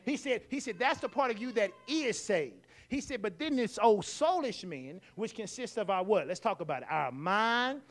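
A man preaching a sermon in a church, leading the congregation in call-and-response and rising to loud exclamations. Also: high-pitched, sing-song, moderate pace, hardly any pauses.

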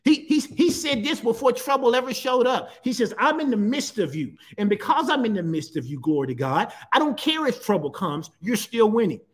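A middle-aged pastor delivers a sermon in a notably high-pitched voice. He preaches emphatically, repeating phrases and drawing out key words for weight. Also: very animated, a little fast, few pauses.

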